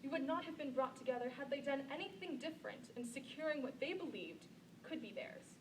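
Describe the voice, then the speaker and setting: A woman giving a memorized contest speech and reciting a poem, with an earnest, measured oratorical delivery. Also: high voice, animated, distant mic, background noise.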